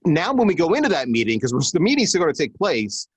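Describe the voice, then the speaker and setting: A man's voice: a little high, fast, husky, dry recording. A middle-aged man, a marketing executive guest on a live podcast, telling anecdotes and acting out the quotes in different voices. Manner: animated storyteller who acts out quotes. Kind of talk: conversational storytelling on a live podcast.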